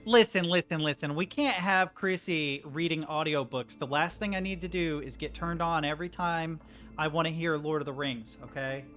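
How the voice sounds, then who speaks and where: A man's voice: on the high side, moderate pace, pushed and bright, faint music behind. A young American man chatting casually to his stream while he plays a game. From United States. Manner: chatty, rambling, talks to chat. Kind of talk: casual gameplay commentary.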